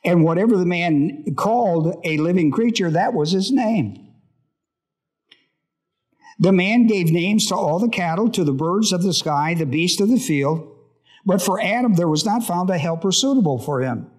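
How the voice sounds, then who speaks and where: Male pastor, slightly high voice, Bible study sermon; reads a verse, then pauses to quiz the congregation. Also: lively intonation. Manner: reads scripture and breaks off with questions to the congregation.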